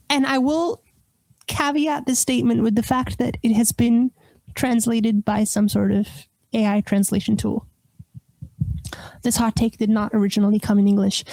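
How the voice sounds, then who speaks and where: A woman co-hosting a podcast, chatting casually with a playful, mock-dramatic streak. Her voice sits a little high. The sound is dry and close, with no room echo. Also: a little mellow. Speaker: podcast co-host.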